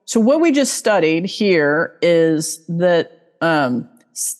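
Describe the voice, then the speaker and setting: A woman's voice: mid-range voice, in a large hall. A woman giving a casual online talk as a guest expert, chatty and full of fillers, now and then acting out inner voices. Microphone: video call mic.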